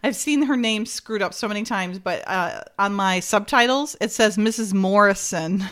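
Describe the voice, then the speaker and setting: A woman's voice: mid-range voice, moderate pace, fairly bright tone. A woman co-hosting a podcast, casually retelling a show's scenes with laughs and acted-out quotes. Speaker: podcast co-host recapping a show. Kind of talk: casual chat.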